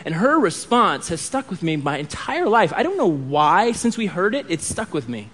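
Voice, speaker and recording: A man's voice: high-pitched, very animated, normal speed, a bit bright. A man in his thirties preaching a sermon in a conversational way, with restarts and asides. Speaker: pastor.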